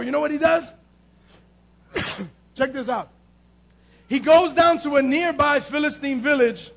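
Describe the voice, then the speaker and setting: High-voiced gravelly preaching man. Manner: shouting, emphatic preaching with calls of "Amen?"; wry sarcastic asides. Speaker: pastor. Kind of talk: sermon. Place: church before a congregation.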